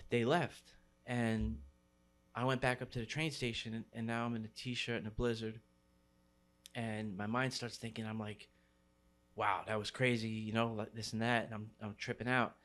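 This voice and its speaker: Recounting his life in an interview, this middle-aged graffiti writer from New City, New York City, leans on street slang and lots of fillers. His voice sits on the low side but has a fairly bright tone.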